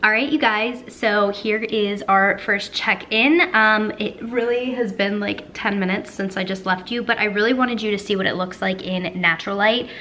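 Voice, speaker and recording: A woman's voice: medium pitch, moderate pace, few pauses, sharp tone, slight background noise. A woman beauty vlogger doing casual check-ins at home, chatty and upbeat, with lots of "like" fillers. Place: at home by large glass doors.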